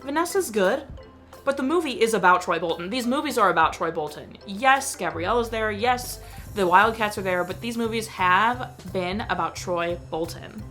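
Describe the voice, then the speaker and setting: A young woman vlogger ranting in casual chat about a movie, animated and exasperated, with lots of filler words. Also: medium pitch, normal speed, soft background music.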